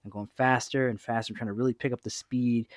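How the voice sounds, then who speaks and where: Animated man telling a funny story. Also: medium pitch, fast talker, no room sound, clean studio sound. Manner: animated, laughing, acts out quoted voices. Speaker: podcast host. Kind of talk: casual storytelling chat.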